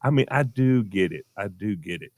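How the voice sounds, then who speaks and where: A man's voice: fairly low pitch, lively intonation, moderate pace, no echo. An older man, co-hosting a radio show and telling a story in casual chat, laughing through his punchlines.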